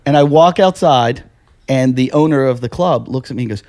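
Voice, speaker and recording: A man's voice: medium pitch, fairly quick. A man, a stand-up comedian, telling stories in casual chat and acting out the people he quotes. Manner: animated, acts out quoted voices.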